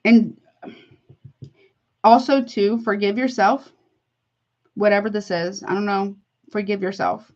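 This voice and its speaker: A woman's voice: medium pitch, steady tone, a little slow, long pauses, a little mellow. A woman doing a casual tarot reading for her viewers, chatty and heartfelt, calling listeners honey. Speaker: tarot reader. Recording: slightly dull lo-fi audio.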